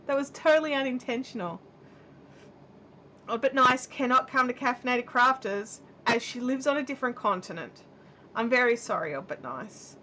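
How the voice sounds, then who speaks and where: A woman's voice: fairly high pitch, normal speed, sharp tone, slight background noise. A middle-aged Australian woman hosting a live stream at home, chatting in a rambling way and reading viewer comments aloud while she crochets. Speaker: livestream host. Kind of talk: casual chat while crocheting. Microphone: camera mic on a live stream.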